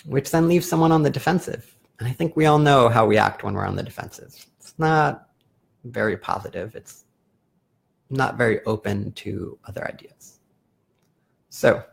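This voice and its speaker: Gravelly, husky man talking calmly. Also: medium pitch. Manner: calm, explanatory, self-correcting. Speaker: therapist hosting a live video. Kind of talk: casual live-stream talk.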